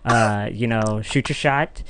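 A young man, a podcast guest, telling a story in casual chat, animated, jumping into high dramatic voices for the people in it. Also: slow, clear, resonant tone.

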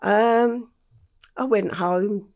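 A woman's voice: medium pitch, fairly even intonation, very slow, a little mellow. An older English woman, an interview guest, telling her story vividly and acting out the voices she quotes. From England.

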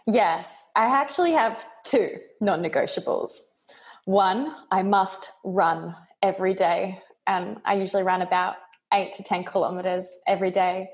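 A cheerful woman from Australia talks as a podcast guest, thoughtful and quick to laugh. Her voice sits at a middle pitch in relaxed conversation. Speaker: guest, actor and acting coach. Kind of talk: casual interview chat.

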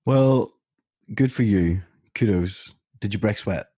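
A man co-hosting a podcast with a very low, husky voice. His comebacks come dry and joking in relaxed chat. The recording is close and dry. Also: takes it slowly, no echo. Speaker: podcast co-host. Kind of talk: casual chat.

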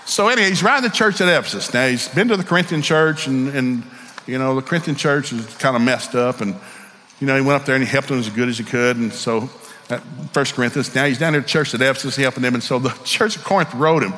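A Southern man preaching to a crowd, his voice trailing a long hall reverb, with a soft wash of ambient noise behind. He is middle-aged, folksy and frank, and acts out the people in his stories. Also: mid-range voice, fast talker. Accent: Southern American. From Southern United States. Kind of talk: storytelling sermon.

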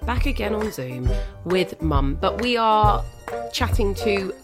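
A woman's voice: mid-range voice, lively intonation, slow, loud music behind the voice. A woman hosting a podcast over a video call, chatty and teasing in casual conversation. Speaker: podcast host. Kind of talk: casual chat.

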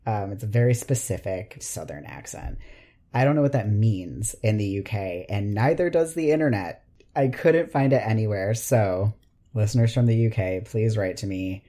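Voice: sits low, warm tone. A podcast co-host with an American accent in casual chat, talking in a wry, frank and talkative way.

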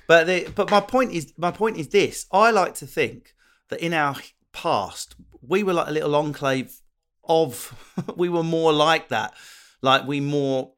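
A man's voice: fairly high pitch, measured pace, clear, resonant tone. A man from England with an Essex accent, a comedian and podcast host chatting casually, swearing freely and acting out voices. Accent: Essex English. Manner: animated, swears freely, acts out voices mid-story. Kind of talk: casual chat.

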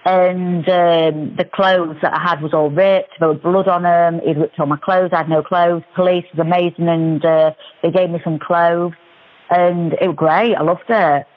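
A British woman telling a personal story as a radio guest, chatty and animated, with many restarts. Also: fairly low pitch, moderate pace. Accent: British English. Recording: muffled radio broadcast.

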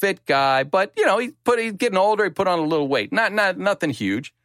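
A man's voice: sits high, very animated, brisk, a bit bright, dry recording, studio quality. A man in his fifties, co-hosting a show and telling a long rambling story in a casual, self-deprecating way, with many restarts. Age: 50s.

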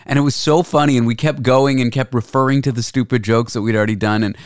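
A man hosting a casual podcast, telling stories in an animated, teasing way. His voice is smooth and resonant, recorded close and completely dry. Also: mid-range voice, quick pace, no echo. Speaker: host.

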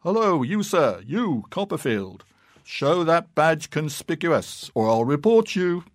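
A man voicing a gruff, threatening man with a wooden leg who roars his orders. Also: a little high, big pitch swings, takes it slowly, no echo, studio quality, voice pushed up. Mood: roaring. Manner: bellowing, threatening.

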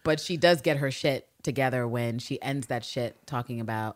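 Brief: deep-voiced woman from New York City, podcast co-host, swears freely, mimics characters mid-recap. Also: fairly quick, few pauses. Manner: profane, animated, acts out characters' lines. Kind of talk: casual recap chat.

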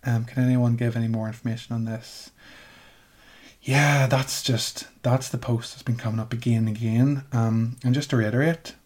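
Man, 20s, podcast co-host, mid pitch, halting easygoing chat. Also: flat delivery, warm tone. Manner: hesitant, many ums and restarts.

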